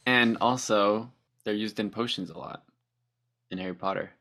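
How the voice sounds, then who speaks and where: A man's voice: fairly low pitch, steady tone, moderate pace, fairly bright tone. Rambling man, laughing often. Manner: rambling, laughs often, stumbles over words. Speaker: podcast co-host. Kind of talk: casual chat.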